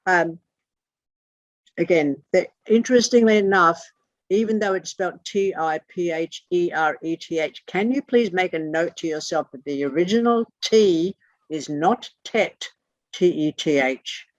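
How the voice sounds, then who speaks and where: A teacher runs an online lesson over a video call, pausing to spell out each term letter by letter. The talk is blunt and sometimes profane. The sound is lo-fi and muffled, with a close, dry, roomless quality. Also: medium pitch, dry recording.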